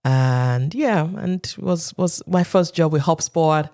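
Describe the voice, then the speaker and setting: A woman from Nigeria in her thirties, telling stories as a podcast guest and acting out quotes in animated voices. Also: deep voice, takes it slowly. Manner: animated storyteller who acts out quotes, often laughing. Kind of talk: casual interview talk.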